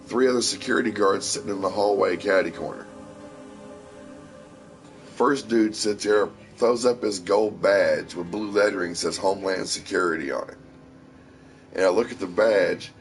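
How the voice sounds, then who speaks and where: A man casually telling a long story, rambling and swearing freely with a tough edge. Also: low voice. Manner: profane, rambling, tough-talking. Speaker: streamer.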